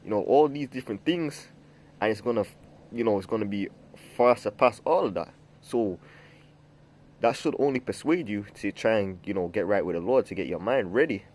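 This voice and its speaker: A man's voice: on the low side, expressive, normal speed, a little mellow. A man preaching from scripture in a loose, rambling way, full of fillers, restarts and the word "man". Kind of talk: informal scripture teaching.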